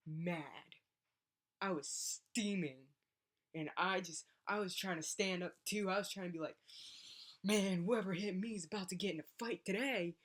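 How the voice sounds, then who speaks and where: A young woman, a college athlete, telling a personal story in a casual vlog and acting out the voices of the people in it. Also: low voice. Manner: animated, acts out voices in her story.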